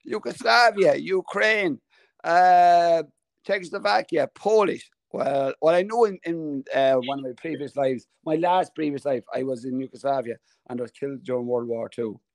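Gravelly-voiced Irish man telling a story. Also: normal speed, dry recording. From Ireland. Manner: animated storytelling, squeals up high when amazed. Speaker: podcast co-host. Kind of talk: casual chat.

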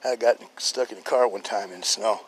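A man hosting a podcast, telling a faith testimony in rambling, casual talk. He laughs often, drops to hushed murmurs, and jumps into loud, excited quotes. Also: fairly low pitch, brisk, slight background noise. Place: outdoors in a neighborhood, birds and a dog nearby.

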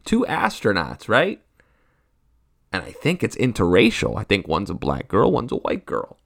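A man doing a crude stand-up rant, his pitch swinging lively from line to line. He rambles, swears constantly and keeps tossing out rhetorical asides to the crowd. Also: moderate pace, vocal fry. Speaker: comedian.

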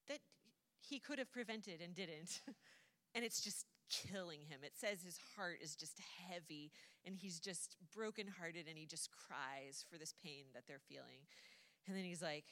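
A woman's voice: on the low side, measured pace, sharp tone. A woman preacher casually retelling a Bible story in a chatty way, often laughing and lightly acting out the voices. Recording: long hall reverb.

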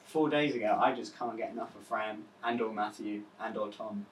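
A man's voice: on the low side, moderate pace, distant mic. A man co-hosting a podcast, trading crude jokes and teasing his friends with frequent laughter. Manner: joking, teasing, laughs often. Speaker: podcast co-host. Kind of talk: crude casual banter. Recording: roomy sound from off-mic with faint noise.

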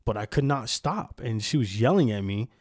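A man's voice: mid-range voice, animated, normal speed, slightly rough, no echo, clean studio sound. A young man hosting a casual podcast, telling a story in a candid, rambling way with lots of swearing. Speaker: podcast host.

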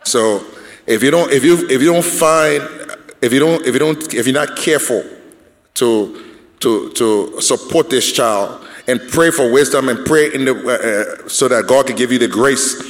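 A man on a church panel talks earnestly and circles back over his phrases. His voice rings out in a large hall with long reverb. He speaks at a medium pitch. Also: moderate pace. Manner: earnest, repeats and restarts while building a point.

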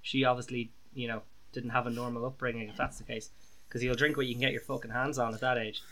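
A man's voice: medium pitch, flat delivery, fast talker, a bit bright, a little hiss or hum, rough recording. A man hosting a podcast, chatty and swearing casually. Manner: chatty, swearing, leading questions. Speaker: podcast host. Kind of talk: casual chat.

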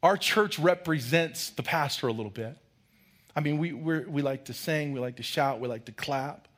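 Husky, animated man preaching. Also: a little high, moderate pace. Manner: loud, animated storytelling with humor. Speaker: pastor. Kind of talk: lively sermon.

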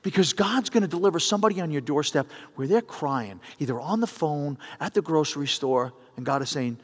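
A middle-aged man preaching a sermon, telling a story with lively voice changes and building to earnest appeals. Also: on the high side, fairly quick. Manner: animated, acts out phone voices, builds to appeals. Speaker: pastor. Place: church sanctuary. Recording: long reverb of a church hall.

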